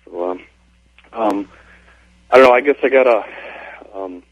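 A man's voice: medium pitch, measured pace, slightly rough. A man calling into a radio show, hesitant and full of fillers, heard over a phone line. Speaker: caller.

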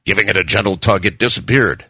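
A man hosting a show, reading a funny story in a playful, animated way. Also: on the low side, quick pace, slightly rough, no room sound. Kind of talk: humorous story reading and news chat.

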